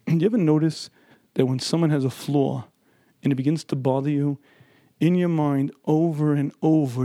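Earnest man clearing his throat often. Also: a little high, mellow, dry recording. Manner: earnest, emphatic teaching. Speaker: religious lecturer. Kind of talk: Torah lecture.

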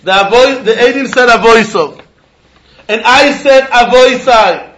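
A man's voice: extremely high pitch, unhurried, fairly bright tone, lo-fi sound. A man teaching a Talmud lecture, posing rhetorical questions and chuckling as he argues. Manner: poses rhetorical questions, chuckles while arguing. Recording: roomy echo.

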